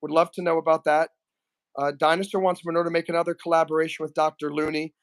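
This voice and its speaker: A man hosting a casual live stream, reading out chat messages and talking to a guest, often clearing his throat. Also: fairly high pitch, level tone, quick pace. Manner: chatty, reads chat aloud, frequent throat clearing.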